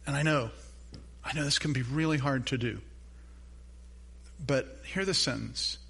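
Bright-voiced older male pastor preaching. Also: medium pitch, measured pace, gravelly, husky. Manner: earnest, conversational preaching with asides. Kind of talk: sermon.

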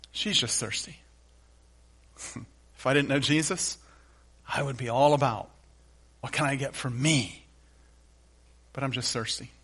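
A man preaching a sermon in an emphatic style, returning to refrains and swinging between loud and hushed lines. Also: high-pitched. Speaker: pastor.

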